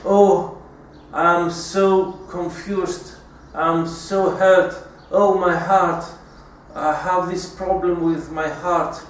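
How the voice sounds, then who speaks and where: A man's voice: high-pitched, steady tone, measured pace, a little hiss or hum, pitched above the performer's own voice. A man acting a guilt-tripping, theatrical mother. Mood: pleading. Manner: whiny, pleading, theatrical. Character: manipulative middle-aged mother, dramatic and guilt-tripping. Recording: echoey room, mic far off.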